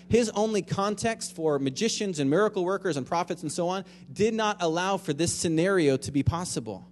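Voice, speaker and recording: A man preaching a sermon in a conversational way, moving between quiet, reflective stretches and louder, emphatic ones. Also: sits high, in a large hall, a little hiss or hum. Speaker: pastor.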